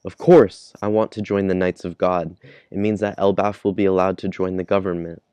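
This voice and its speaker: A man's voice: low voice, level tone, moderate pace, darkish tone, clean tone, no echo, close to an everyday voice. A man voicing a giant king, reading his lines aloud in an earnest way. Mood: eager.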